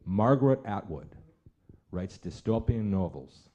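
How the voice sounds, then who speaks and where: A man's voice: fairly low pitch, expressive, measured pace, lo-fi sound, very noisy. A man, an author, telling a wry comic story on a theater stage. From Canada. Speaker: author on a festival panel.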